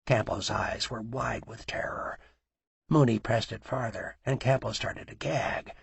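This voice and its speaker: Gravelly man narrating an audiobook. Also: fairly low pitch, unhurried, fairly bright tone, no room sound.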